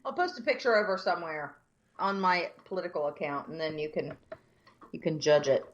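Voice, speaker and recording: A woman's voice: low-pitched, fairly quick, highs cut off, a little hiss or hum. Ranting, profane woman. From United States. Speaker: podcast co-host. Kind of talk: casual chat.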